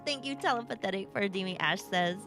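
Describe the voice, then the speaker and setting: A woman's voice: medium pitch, lively intonation, quick pace, music in the background. A woman from Brooklyn with a New York accent, live-streaming a game, chatting playfully and reading chat aloud. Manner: playful, bouncy, chatty with viewers.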